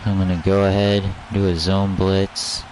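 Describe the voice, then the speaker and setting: A man's voice: deep voice, completely flat delivery, normal speed, a little mellow, slight background noise, poor audio. A man giving casual commentary while playing a football video game, reacting and exclaiming. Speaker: gaming YouTuber.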